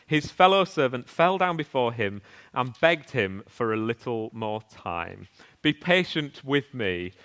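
A man giving a sermon with a smooth, resonant voice. He talks earnestly and conversationally, reading scripture aloud, stumbling over restarts now and then, and putting rhetorical questions to the congregation. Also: fairly low pitch, fairly bright tone. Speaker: preacher.

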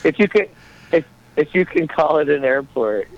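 A man's voice: a little high, expressive, moderate pace. A man calling into a casual sports talk show from a small airport, joking and rambling. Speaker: co-host calling in. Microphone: phone call. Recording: muffled phone line.

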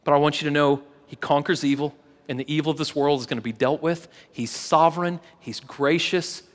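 Earnest pastor in a reverberant hall. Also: male voice, fairly high pitch, steady tone, fairly quick. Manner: casual, earnest, repeats words, drops to a hush in prayer. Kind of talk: sermon with personal story and prayer. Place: church sanctuary, live service.

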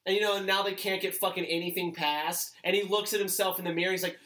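A woman's voice: on the low side, steady tone, fast talker, fairly bright tone. Giggly, rambling comedic co-host woman. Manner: laughs often, rambling, swears. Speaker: podcast co-host. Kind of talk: casual comedic chat. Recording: roomy echo.

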